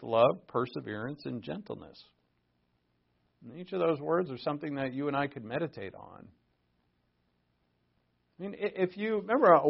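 A man teaching a Bible study in a conversational way, with offhand asides, swinging between loud emphasis and quiet remarks. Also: a little high. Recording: dull lo-fi recording.

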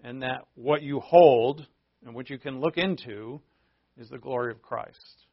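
A man's voice: mid-range voice, a little slow, no echo. A man preaching a conversational sermon, explaining a Bible passage with frequent rhetorical asides. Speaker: pastor. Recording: dull lo-fi sound.

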